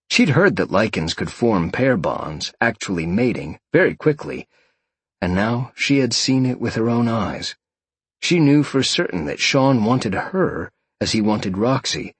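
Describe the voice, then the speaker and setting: A man narrating adult fiction in a slow, measured audiobook style, recorded close on a studio mic. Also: on the low side, husky, dry recording.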